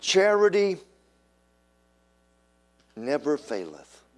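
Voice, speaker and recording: An older man delivers a sermon slowly and emphatically. He's animated, acting out quoted voices with sudden leaps in pitch.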